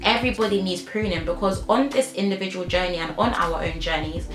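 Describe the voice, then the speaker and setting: Speaking a little fast in a medium pitch, a young woman records a heartfelt vlog, emphatic and often laughing through her tears. Echo fills the room, and faint music sits underneath.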